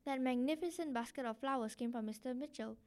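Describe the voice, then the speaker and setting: A woman's voice: sits high, quick pace, a little mellow, natural voice. A woman reading aloud as a worldly, meddling society lady who hints at intrigue in a gushing, insinuating way.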